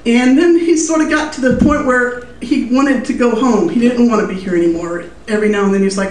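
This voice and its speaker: A woman's voice: on the high side, fairly quick, few pauses, darkish tone, recorded from a distance. A woman telling a personal story live at a small music venue, chatty and self-amused, with plenty of fillers. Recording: roomy live room heard from afar.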